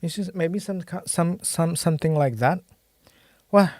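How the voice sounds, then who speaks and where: A man's voice: on the high side, normal speed, a little mellow, dry recording, clean studio sound. A young man with an Indonesian accent, a native Indonesian speaker, giving a casual language lesson, thinking aloud and hesitantly searching for his words. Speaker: language teacher.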